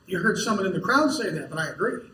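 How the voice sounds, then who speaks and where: A high-pitched man lecturing at a conference, telling folksy stories full of quoted back-and-forth. He is heard from across an echoey hall, with faint noise underneath. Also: sing-song, quick pace, sharp tone, recorded from a distance. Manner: folksy storytelling with quoted dialogue. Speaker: conference speaker. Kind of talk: lecture with audience questions.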